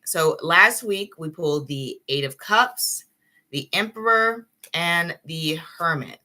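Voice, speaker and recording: A woman's voice: lowish voice, expressive, slow pace, sharp tone. A young woman hosting a live tarot stream, chatting casually with her viewers and laughing often.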